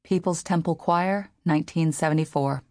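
A woman narrating a literary novel as an audiobook reader, in a measured, unhurried way. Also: sits low, darkish tone, no room sound, clean studio sound.

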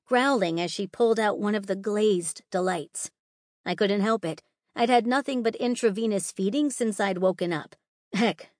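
A woman's voice: medium pitch, no echo. Dry, wry woman narrating. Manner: wry, sardonic storytelling. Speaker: audiobook narrator. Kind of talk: scripted first-person narration.

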